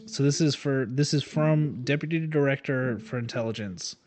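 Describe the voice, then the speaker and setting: A man in casual conversation, reading old documents aloud haltingly and breaking off with filler asides. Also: medium pitch, a little mellow. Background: music.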